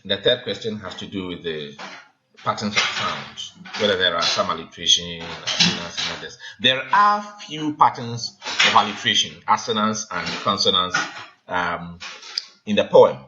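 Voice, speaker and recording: A man teaching a poetry lesson, explaining in a measured, hesitant way with frequent pauses and filler sounds. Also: low-pitched, expressive. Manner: measured, hesitant, frequent ums, counts syllables aloud. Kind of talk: recorded literature lesson. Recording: dull lo-fi sound with faint noise.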